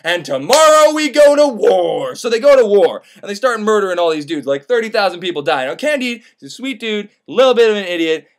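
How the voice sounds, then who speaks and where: A man's voice: high voice, expressive, fast talker, few pauses. A young man retelling a classic novel as casual comedy, rambling and profane, with lots of fillers. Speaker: host.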